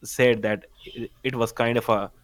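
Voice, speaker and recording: A man's voice: mid-range voice, steady tone, normal speed, fairly bright tone, no room sound, poor audio. A man from South Asia in casual stream chat, opinionated and swearing freely.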